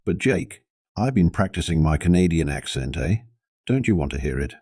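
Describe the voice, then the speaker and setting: Man doing an eager, clueless blob alien for an audio story, very deep voice, dry sound. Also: big pitch swings, moderate pace, a little mellow, dry recording. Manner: eager, keen to show off.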